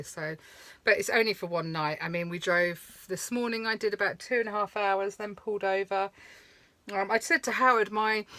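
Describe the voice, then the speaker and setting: A woman's voice: lowish voice, bright, forceful tone, no echo. A woman, vlogging in a frank, rambling way, swearing freely and laughing often. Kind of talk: candid chatty vlog. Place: touring stop at a countryside campsite.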